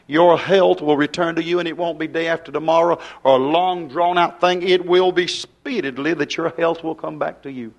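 A man preaching a fiery revival sermon. He acts out dialogue in his sermon and drops to a hush at times. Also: a little high, steady tone, normal speed, vocal fry, few pauses, lo-fi sound.

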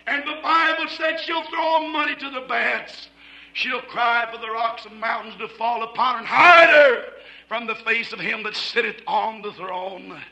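A man preaching a fiery sermon, shouting in a rhythmic, repetitive cadence. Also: very high voice, gravelly, roomy sound, poor audio.

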